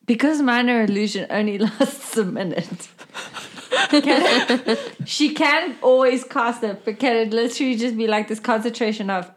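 A woman's voice: a little high, normal speed. Giggly woman player. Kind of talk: tabletop game play.

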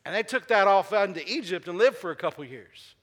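Expressive and brisk, a man's high, slightly bright voice carries through a sermon he preaches as pastor in a church sanctuary. He questions his congregation and leans on repeated key phrases for emphasis, with the long reverb of a large hall audible throughout.

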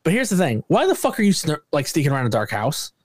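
A man's voice: fairly high pitch, fast, no room sound, studio quality. A man co-hosting a movie podcast, chatting casually and ranting with frequent swearing. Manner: animated, swears a lot, rants with raised voice. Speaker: podcast co-host. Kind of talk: casual movie review chat.

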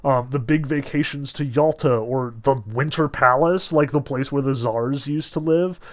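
A man's voice: medium pitch, normal speed. A man giving a casual literature lecture, often saying "notice" and "like" and reading passages from a novel aloud. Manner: chatty, lots of "like" and "notice", reads passages aloud.

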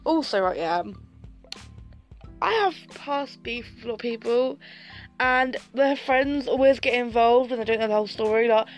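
A woman's voice: fairly high pitch, normal speed, soft background music. A young woman vlogging in a casual, sassy, camp way, full of swearing and dramatic outbursts. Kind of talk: casual livestream chat.

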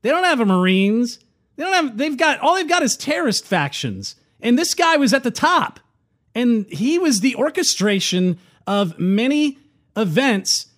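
A man's voice: very high-pitched, big pitch swings, measured pace, fairly bright tone. A man hosting a political talk show, reading news quotes aloud and reacting with opinionated commentary. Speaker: host.

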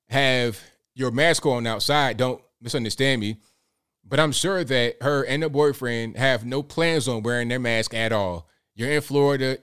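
A man hosts a loose, casual commentary stream at an ordinary, middle-of-the-road pitch. He rambles from point to point, wanders off on tangents and speaks straight to his viewers. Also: fairly bright tone, clear, resonant tone. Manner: rambling, digressive, addresses viewers directly. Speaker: livestream host.

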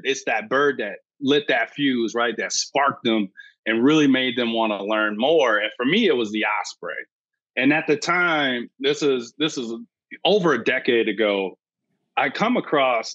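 A man, a birding educator and podcast guest, telling an excitable story and acting out his own past thoughts. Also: medium pitch, no echo, highs cut off. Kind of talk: animated storytelling.

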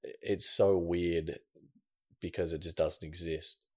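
A man co-hosting a casual podcast, speaking in a halting, thoughtful way with many restarts. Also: low-pitched, steady tone, a bit bright, slightly rough, no echo, clean studio sound. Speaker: podcast co-host.

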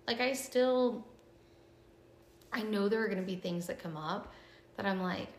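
A woman's voice: mid-range voice, a little slow. Chatty woman host in an echoey room. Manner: chatty storyteller, fills speech with "like". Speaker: podcast host. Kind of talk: casual chat.

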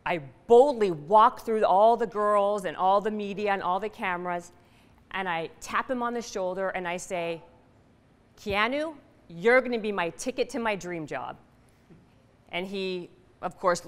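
A middle-aged woman telling a personal story to an audience, animated and punchy, asking the room questions. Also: mid-range voice, a little slow, clear, resonant tone. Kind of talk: storytelling talk. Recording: reverberant hall.

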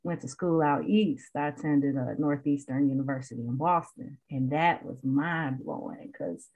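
A woman from Chicago, a podcast guest in casual conversation, animated and quick to laugh. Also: deep voice.

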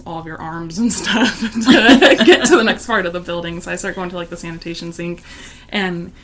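A woman's voice: lowish voice, normal speed, a crowd in the background. A woman telling a story in casual chat, talking loosely with lots of fillers and laughing as she goes.

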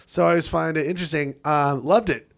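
A man co-hosting a podcast, telling travel stories in animated casual chat and slipping into goofy voices. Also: fairly high pitch, quick pace, creaky. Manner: animated storytelling, swings into silly voices. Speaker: podcast co-host.

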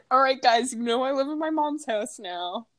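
A woman's voice: sits high, a little mellow, slight background noise. A woman hosting a casual podcast from a room at home, laughing often, swearing freely and rambling from one thought to the next. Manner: giggly, swears a lot, rambling. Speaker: podcast host.

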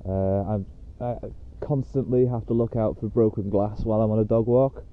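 A man's voice: fairly low pitch, steady tone, normal speed. Rambling man, tinny phone-like sound. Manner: rambling and chatty, with many fillers. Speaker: podcast host. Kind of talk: casual solo rambling podcast. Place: outdoors on a dog walk.

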